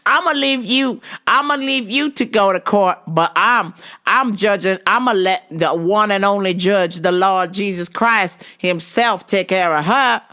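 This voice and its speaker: A woman putting on the voice of an indignant churchgoing older woman customer who talks in a preachy, dramatic, drawn-out way. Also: medium pitch, pushed and bright. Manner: drawn-out, preachy indignation, calls people baby.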